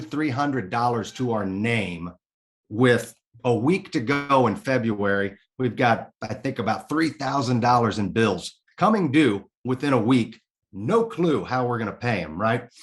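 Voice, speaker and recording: A middle-aged man from the Kansas City area speaks as a guest in a casual interview. His voice sits at a medium pitch, and he tells his own story with animated energy, swearing freely and acting out his own thoughts as he goes.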